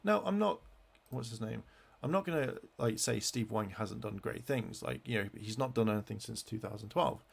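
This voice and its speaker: A man's voice: mid-range voice, moderate pace, gravelly, breathy edge. A man venting in an angry vlog rant as he clicks through web pages, swearing constantly and restarting his sentences. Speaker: fan vlogger.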